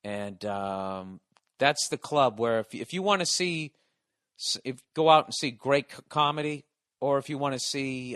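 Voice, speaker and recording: A man in his forties, a podcast host and stand-up comedian, telling a long story in a profane, excitable, rambling way with lots of restarts. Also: medium pitch, no room sound, clean studio sound. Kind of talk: casual storytelling monologue.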